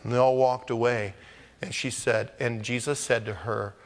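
A man preaching a sermon as a pastor, swinging between loud exclamations and hushed asides. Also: medium pitch, fairly even intonation, moderate pace, in a large hall.

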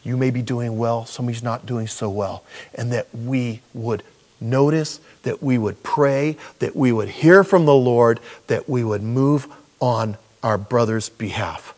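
A man preaching as a pastor, telling personal stories in an animated way. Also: mid-range voice, unhurried. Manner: animated storyteller. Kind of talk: sermon with personal storytelling.

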